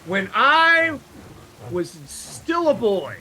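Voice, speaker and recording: A man's voice: very high voice, sing-song, drawn-out words, pushed and bright, a little hiss or hum, rough recording. A man playing a tabletop role-play game, speaking in character as a stern lord in commanding, declamatory speeches. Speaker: player.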